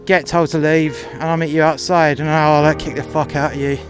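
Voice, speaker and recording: A man tells a profane workplace story and slips into both sides of the argument, swearing freely. His voice sits a little high for a man, with faint music under it. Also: flat delivery, brisk, hardly any pauses. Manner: crude, confrontational, acts out both sides of dialogue. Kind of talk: first-person storytelling.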